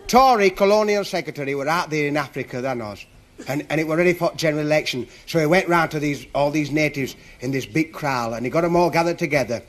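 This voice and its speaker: A man's voice: fairly high pitch, fast, noisy background. A man telling stand-up jokes on stage, chuckling through his own stories. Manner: chuckling, chatty, dialect-heavy. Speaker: stand-up comedian. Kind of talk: stand-up comedy storytelling. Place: comedy stage.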